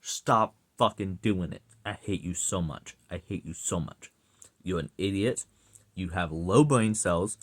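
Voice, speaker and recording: A young man giving a casual, profane rant to his audience, exasperated and sarcastic. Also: on the low side. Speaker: vlogger ranting.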